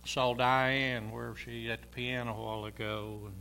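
Man, 60s, pastor, sermon in a church, folksy storytelling, bright forceful voice, faint hum. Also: mid-range voice, flat delivery, a little slow, vocal fry. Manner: folksy, personal storytelling with chuckles. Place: church sanctuary.

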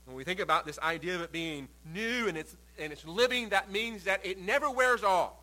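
A man preaching a sermon, stressing words emphatically and letting phrase endings fall quiet. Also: high-pitched, a little fast, low-quality recording.

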